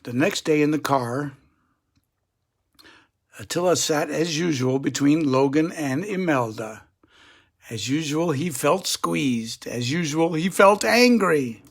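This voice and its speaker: Slow, gravelly grandpa reading a story. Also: male voice, a little high, lively intonation. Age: older. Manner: gentle, chatty, slow. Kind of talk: children's story read-aloud.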